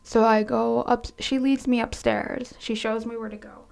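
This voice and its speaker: Soft-spoken woman with a gravelly, flat voice. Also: on the high side, normal speed. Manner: hesitant, with restarts, drifting into near-whispers. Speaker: storytime vlogger. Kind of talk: casual storytime monologue.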